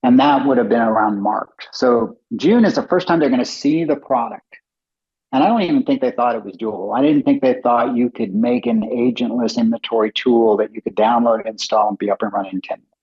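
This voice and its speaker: With a brisk delivery, this husky, mid-pitched middle-aged man tells stories as a guest and co-founder of a company. He turns animated, switching into different voices for quoted dialogue in the casual interview. Sound quality is dull, muffled, lo-fi podcast audio.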